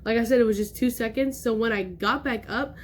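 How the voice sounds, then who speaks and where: A young woman vlogger telling a personal story in casual talk, animated and acting out the voices she quotes. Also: fairly high pitch, a little fast, slight background noise.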